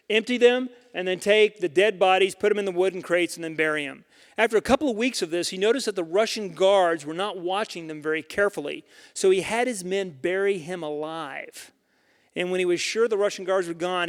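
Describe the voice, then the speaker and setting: A man's voice: high voice, smooth. A man giving a storytelling lecture as a guest speaker, animatedly acting out the dialogue of the people in his stories. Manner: animated, acts out quoted dialogue. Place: synagogue hall. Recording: hall reverb.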